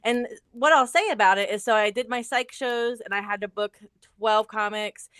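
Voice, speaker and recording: A woman's voice: a little high, normal speed, a bit bright, smooth, dry recording. A woman who books comedy shows and does stand-up, talking on radio in an upbeat, enthusiastic way. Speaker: comedy show booker and stand-up comic. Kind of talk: casual radio talk.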